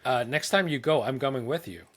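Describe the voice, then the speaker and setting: A man's voice: mid-range voice, lively intonation, a little fast, fairly bright tone. Rambling young man telling a travel story. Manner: rambling, lots of "like", acts out quoted dialogue. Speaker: podcast co-host. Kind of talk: casual storytelling chat.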